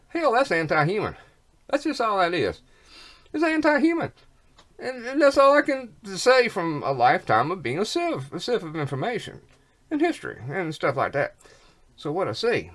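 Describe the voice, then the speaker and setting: A vlogger with a medium-pitched, fairly bright voice rambles through a monologue, repeating words and slipping into rhyming wordplay and folksy slang. He sounds stuffed up and has a cough.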